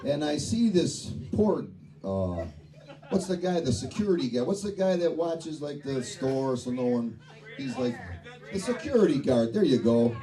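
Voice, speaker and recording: A man's voice: medium pitch, big pitch swings, unhurried, warm tone. A middle-aged man doing a stand-up comedy set, swearing freely and laughing at his own jokes, in a tavern showroom. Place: tavern showroom before a live crowd. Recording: distant and noisy live bar recording.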